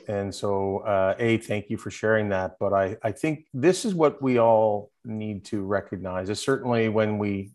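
Earnest low-voiced man as podcast guest. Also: darkish tone. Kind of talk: casual interview chat.

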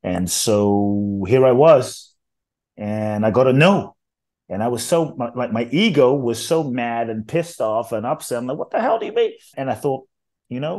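A man's voice: on the low side, a little mellow. A middle-aged man, an interview guest, telling his life story in an intense, earnest, emphatic way. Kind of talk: storytelling in conversation.

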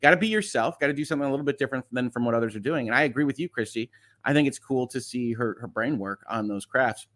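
A middle-aged man, a lawyer hosting a casual livestream, reading viewer comments aloud and chatting about them quickly. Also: medium pitch, a bit bright. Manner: fast-talking, chatty, reads comments aloud.

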